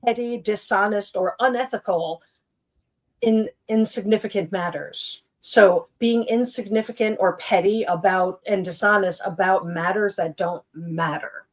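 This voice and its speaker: A woman co-hosting a relaxed chat show, talking in a loose, rambling way. She restarts her sentences often and fills them with "like". She stays animated throughout and laughs easily at herself. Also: medium pitch, unhurried. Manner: chatty and rambling, full of "like" and restarts. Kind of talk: casual chat.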